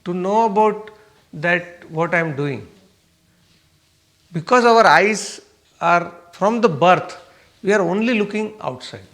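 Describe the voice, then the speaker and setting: A man's voice: high-pitched, slow pace, long pauses, fairly bright tone. A man giving a spiritual talk to a meditation class, asking the room questions and answering them himself, often checking "okay?". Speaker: meditation teacher.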